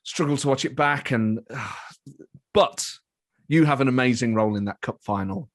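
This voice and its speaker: A man's voice: medium pitch, measured pace, dry recording. A man co-hosting a football podcast, reminiscing animatedly as a fan and asking questions. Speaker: podcast co-host. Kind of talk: casual podcast chat.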